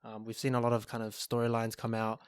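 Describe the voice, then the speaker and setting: Measured male podcast co-host, dry sound. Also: mid-range voice, monotone, clear, resonant tone, no room sound. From Australia. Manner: measured, hesitant, lots of ums and restarts. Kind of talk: casual chat.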